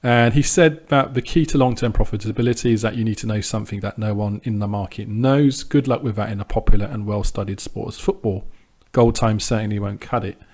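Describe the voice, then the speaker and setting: Guy with a lowish voice rambling about his trading results, lots of ums, brushing off critics. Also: darkish tone. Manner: conversational with frequent ums and restarts; defiant, dismissive of critics. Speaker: sports trader vlogger. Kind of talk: casual monologue to camera.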